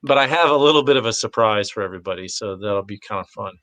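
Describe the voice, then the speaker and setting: A man's voice: lowish voice, fast, a bit bright, no room sound. Easygoing man, dry close sound. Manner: easygoing, rambling, with fillers and restarts. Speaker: guest, competitive shooter. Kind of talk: casual chat.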